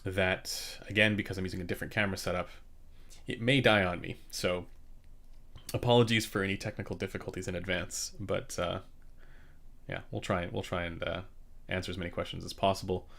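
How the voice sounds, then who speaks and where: A man hosting a casual live-stream Q&A about headphones, speaking in a relaxed, rambling way with many fillers and restarts into a slightly quiet condenser microphone. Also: deep voice, a little fast, vocal fry. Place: home room during a studio move. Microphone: studio condenser microphone, a bit quiet.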